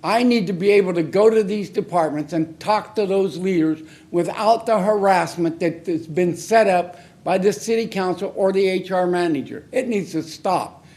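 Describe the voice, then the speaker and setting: A man with a notably high voice for a man delivers public comment at a city council podium. He talks in an angry, confrontational way, hammering the council with short, blunt, repeated phrases. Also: normal speed, hardly any pauses, a little mellow. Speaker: member of the public giving comment.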